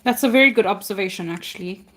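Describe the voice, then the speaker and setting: A woman's voice: mid-range voice, fast. Chatty woman cohosting an art stream, jokey, makes fun of herself a lot. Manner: chatty, self-deprecating, jokey. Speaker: co-host of an art livestream. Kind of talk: casual chat while painting.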